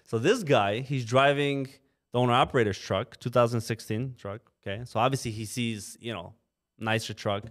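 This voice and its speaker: Animated man telling trucking stories. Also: medium pitch, moderate pace. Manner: animated anecdote-telling, acts out quoted drivers, frequent "you know". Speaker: trucking company co-owner, podcast guest. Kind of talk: casual storytelling. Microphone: podcast microphone.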